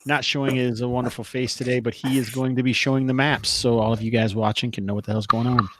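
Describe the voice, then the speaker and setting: A man's voice: mid-range voice, flat delivery, fast, a bit bright, slight background noise. Upbeat man hosting a tabletop game. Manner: upbeat, laughs often, uses fillers. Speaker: game master and host.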